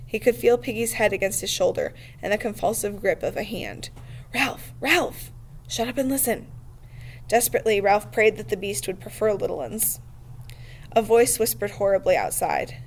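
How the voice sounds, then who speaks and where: A woman reading a novel aloud in a steady, measured way. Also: mid-range voice, vocal fry, slight background noise. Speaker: reader.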